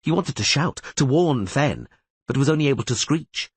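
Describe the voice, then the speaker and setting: A man narrating an audiobook in a dramatic, expressive reading style. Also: mid-range voice, moderate pace, slightly rough, no echo.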